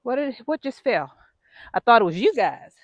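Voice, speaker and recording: A woman's voice: a little high, very animated, moderate pace, no room sound, highs cut off. A woman vlogging casually while she works in her garden outdoors, chatty and self-deprecating, out of breath.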